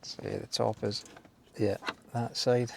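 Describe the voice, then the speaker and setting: A Scottish man hosts a DIY car video from inside a parked car, chatting casually, poking fun at himself and thinking aloud as he works. His mid-range voice barely moves in pitch, with a measured pace, vocal fry and a slightly mellow quality. There's a faint hiss or hum on the recording.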